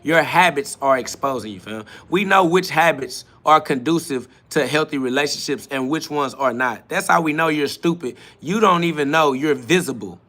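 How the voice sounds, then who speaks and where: A man's voice: a little high, moderate pace, hardly any pauses, sharp tone. A man hosting a live-stream podcast, reading out chat comments and answering them in a confrontational, profane, mocking way. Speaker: livestream podcast host.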